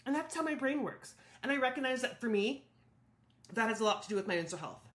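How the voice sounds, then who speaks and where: A woman's voice: fairly high pitch, lively intonation, quick pace, reverberant. A woman hosting a solo podcast, talking candidly and reflectively about her own thoughts and feelings. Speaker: podcast host.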